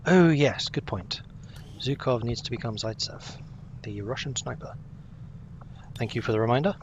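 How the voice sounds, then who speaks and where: A man's voice: medium pitch, lively intonation, normal speed, dull audio, slight background noise. A young man casually commenting as he plays a game, chatting with his viewers. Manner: chatty, talks to himself and to chat while playing. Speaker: game streamer.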